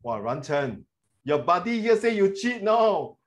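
Animated teacher, high voice. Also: male voice, measured pace, highs cut off, slight background noise. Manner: animated, emphatic, mixes in Mandarin phrases. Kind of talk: class feedback session.

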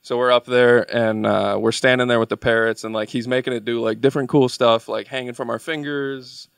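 A man's voice: medium pitch, steady tone, fairly quick, vocal fry, clean tone, no room sound. Rambling young man telling a story. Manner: rambling, filler-heavy delivery. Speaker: podcast guest. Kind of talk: casual storytelling.

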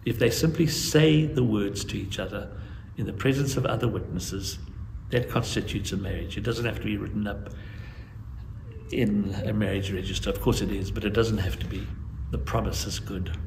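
Older male preacher, gravelly low voice, earnest sermon, echoey church, faint room noise. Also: normal speed. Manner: earnest, shifts to soft pleading then lively storytelling. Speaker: guest preacher. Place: church sanctuary.

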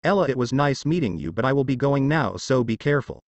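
A man voicing a calm, nonchalant young male warrior hero. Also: mid-range voice, quick pace, no room sound, natural voice.

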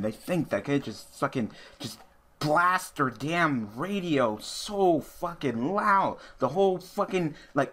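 A man's voice: fairly high pitch, fairly bright tone. A man telling a profane, ranting story while commentating a card game he is playing. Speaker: gaming YouTuber. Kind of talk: venting commentary over card game play.

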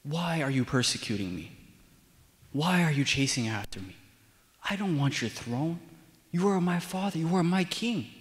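A man's voice: fairly high pitch, animated, normal speed, big-room sound, lightly acted. A man voicing a frightened young male hero who pleads humbly and tearfully with a king, told within a sermon. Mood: pleading. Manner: begging, humble. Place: church sanctuary.

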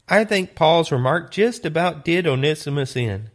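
A man teaching a Bible lesson, retelling stories in a deliberate, earnest way. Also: fairly high pitch, lively intonation. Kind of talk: sermon storytelling.

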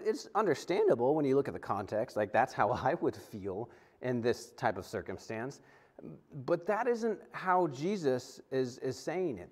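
A man, a pastor, preaching a sermon in a conversational way, often stumbling and restarting and acting out quotes. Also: fairly high pitch. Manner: conversational, animated, frequent restarts and acted-out quotes.

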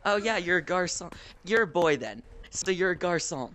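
A male gameplay host teasing his friends in excited gaming commentary, with loud outbursts. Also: high voice, normal speed.

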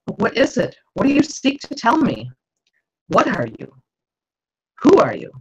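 A woman's voice: huge pitch swings, measured pace, a little mellow, breathy edge, heavily acted. A woman voicing a frightened young girl who whispers urgent, pleading questions. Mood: awed whisper. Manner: whispered, pleading, rising high. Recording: dull lo-fi video call audio.

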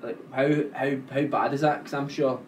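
A Scottish man co-hosting a podcast, telling stories in animated, sweary casual chat and quoting himself a lot. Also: mid-range voice, normal speed. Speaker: podcast co-host. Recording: distant mic with background noise.

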